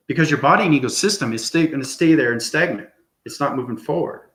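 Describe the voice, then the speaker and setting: A man's voice: mid-range voice, lively intonation, fast talker, fairly bright tone. A man giving an unscripted spiritual monologue as channel host, rambling and tagging lines with "okay?". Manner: rambling, repeats "okay?" often. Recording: echoey room.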